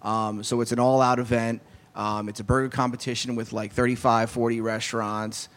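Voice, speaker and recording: Relaxed male guest, mid pitch. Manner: relaxed, halting, filler-heavy. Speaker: guest promoting a charity event. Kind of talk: casual chat.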